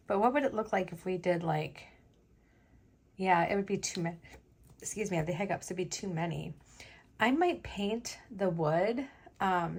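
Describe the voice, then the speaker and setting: A woman's voice: medium pitch, a little hiss or hum. A woman vlogger chatting casually as she makes jewelry, thinking aloud with lots of fillers. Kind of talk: casual crafting chat.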